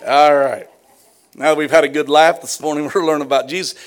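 A middle-aged male preacher delivers a sermon in a folksy, joking way. His voice sits a little on the high side, and he speaks straight to his listeners. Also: steady tone, brisk. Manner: folksy, joking, addresses the congregation directly.

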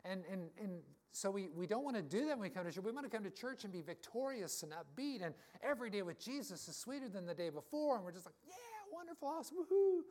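A man's voice: high voice, lively intonation, fast talker, hardly any pauses, darkish tone. A middle-aged man, a pastor, giving a conversational sermon and telling personal stories to his congregation. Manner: storytelling, personal anecdotes.

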